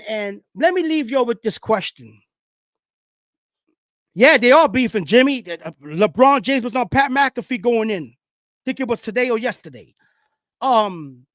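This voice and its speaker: Animated Bronx man ranting about sports. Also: sits high, no room sound, clean studio sound. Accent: New York (Bronx). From the Bronx, New York. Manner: animated, rambling, street slang, talks loud. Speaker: sports talk host. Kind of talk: casual live-stream sports talk.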